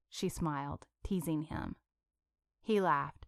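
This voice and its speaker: Audiobook narrator, woman, even measured reading, smooth clear voice, dry close sound. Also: lowish voice, no echo. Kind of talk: scripted romance narration.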